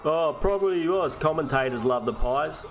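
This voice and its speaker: A man's voice: a little high, expressive, moderate pace, soft background music. An Australian man hosting a fantasy football live stream, chatting casually and ranting and swearing, with frequent restarts.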